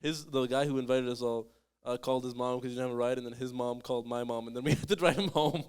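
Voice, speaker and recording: A man's voice: mid-range voice, fairly even intonation, fast talker. A young man, a comedian on a panel show, telling a rambling, self-mocking story full of restarts.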